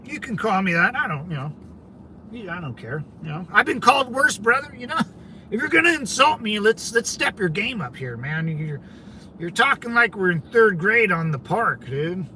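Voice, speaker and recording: Sitting high and sing-song, this Californian's sharp voice moves at a moderate pace over slight background noise. Hosting a casual stream, he rambles, talks back to viewers, and uses "man" and "dude" constantly.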